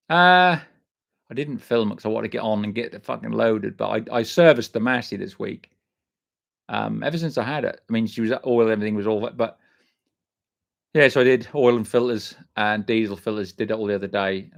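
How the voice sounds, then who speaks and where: A man's voice: fairly low pitch, gravelly. A man hosting a live stream, chatting casually and swearing freely as he reads out and answers viewer comments by name. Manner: loose, sweary and matey, answering chat by name.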